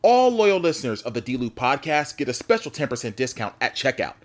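A man hosting a podcast, reading a sponsor spot and asking a guest questions, spelling out details slowly. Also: medium pitch, big pitch swings. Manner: deliberate, spelling things out slowly in the ad read. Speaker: podcast host. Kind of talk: casual interview talk and read sponsor spot.

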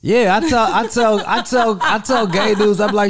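A man's voice: sits high, normal speed, hardly any pauses. A man talking as a podcast guest in casual chat, blunt and profane in his stories.

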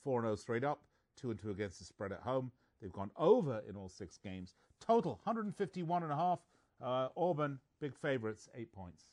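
A man's voice: medium pitch, big pitch swings, a little mellow. A man hosting a sports betting podcast, reading stats and teasing his co-host in casual chat. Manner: joking, reads stats quickly.

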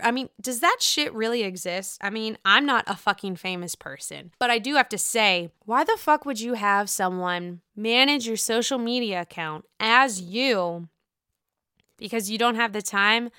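A woman's voice: a little high, bright, forceful tone, clean tone, no room sound, clean studio sound. A young woman hosting a podcast, recapping reality TV in a blunt, profane and sarcastic way. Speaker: podcast host.

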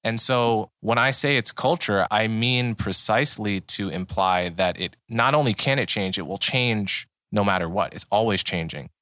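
A man with a low voice and a bright, forceful edge talks through his reasoning in an earnest, explanatory way. He is hosting a conversational podcast interview and often restarts phrases mid-thought. The sound is dry and close. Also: normal speed, few pauses, dry recording. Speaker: podcast host.

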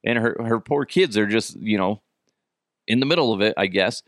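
A man hosting a podcast, telling a story in a casual, profane, animated way, with many restarts and wry jokes. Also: lowish voice, normal speed, dry recording, clean studio sound. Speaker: podcast host.

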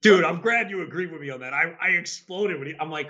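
A man in casual podcast chat, animated and argumentative. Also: on the high side, fast talker, hardly any pauses, dull audio.

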